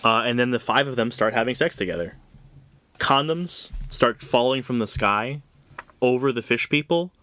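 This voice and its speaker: A man's voice: mid-range voice, animated, normal speed, sharp tone. A man co-hosting a podcast, recapping a comic book in loose, profane casual chat full of "like"s. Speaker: podcast co-host.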